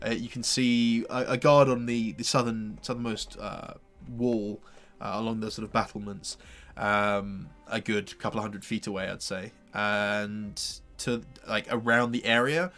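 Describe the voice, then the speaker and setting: A man's voice: lowish voice, steady tone, unhurried, a bit bright, faint music behind. A man running a tabletop game as game master, narrating scenes in a rambling way with lots of restarts. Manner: rambling, full of fillers and restarts.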